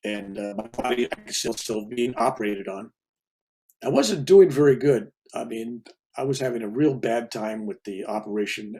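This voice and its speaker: A man's voice: medium pitch, moderate pace, a little mellow, husky. An older man, a reverend, telling a spiritual story in a casual, rambling way. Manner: rambling, casual, with restarts and asides. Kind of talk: conversational storytelling.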